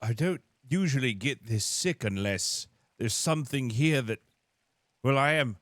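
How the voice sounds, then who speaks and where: A man's voice: medium pitch, a little slow, no echo. A man live-streaming a role-play as a ship captain, talking theatrically and calling out for help. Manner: animated, theatrical, shouting for help.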